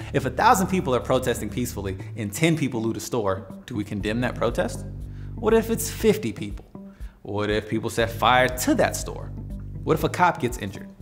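Guy hosting an explainer vid, lively up-and-down voice, jokey and chatty, faint music under. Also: mid-range voice, a little fast. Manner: playful, conversational. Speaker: host. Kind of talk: explainer video narration.

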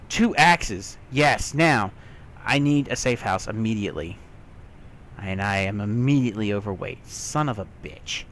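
Let's play dude, average pitch, mumbles and cusses then yells when stoked, slight hiss in the background. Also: male voice. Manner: excitable, bursts into loud yelps, mutters to himself, swears. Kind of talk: casual gameplay commentary. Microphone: desktop mic with software trouble.

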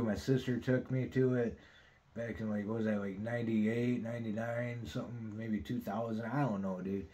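A man's voice: lowish voice, fairly even intonation, moderate pace, warm tone. Rambling, swearing man. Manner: rambling, heavy swearing, says dude constantly. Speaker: podcast host. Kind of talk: casual storytelling monologue.

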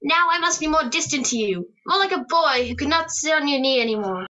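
A woman's voice: high-pitched, lively intonation, fairly quick, pushed and bright, dull audio. Woman playing a bubbly, adoring teenage daughter. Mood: playful teasing. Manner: bubbly, teasing, affectionate. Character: playful, adoring teenage daughter putting her hair up. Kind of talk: radio drama acting.

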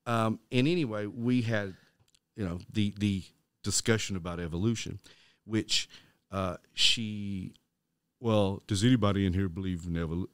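A middle-aged man co-hosting a casual Christian podcast, telling a story with halting restarts and acting out the voices of the people in it. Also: lowish voice, dry recording. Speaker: podcast co-host.

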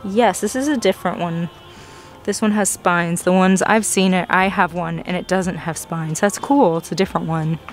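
A young woman filming a casual plant-shopping vlog in a nursery, gushing excitedly over the plants she finds. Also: on the low side, normal speed, faint music behind. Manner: excited, gushing, frequent gasps. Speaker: plant vlogger.

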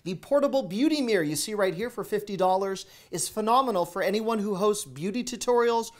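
A man hosting a shopping video, narrating a scripted voice-over in a brisk, upbeat product rundown. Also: sits high, animated. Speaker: shopping deals host.

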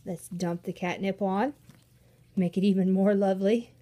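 Indoors at home with a handheld phone camera, a giggly pet vlogger narrates her pets off-camera in a steady, dark-toned voice at normal speed. She's chatty and voices her cats' thoughts in squeaky bursts.

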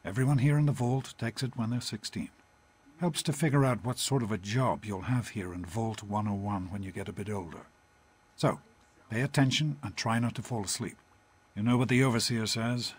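An actor playing a gentle, protective father in a video game, speaking in a calm, earnest and reassuring way. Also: on the low side, normal speed, slightly rough. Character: gentle protective middle-aged father, vault doctor. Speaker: father of the player character.

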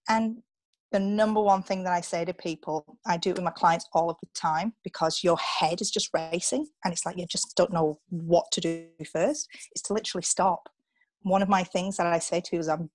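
Woman guest, relocation coach; lower voice, lively, dry close mic. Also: a little fast, dry recording. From England. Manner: upbeat, animated, coaching asides. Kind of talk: casual interview chat.

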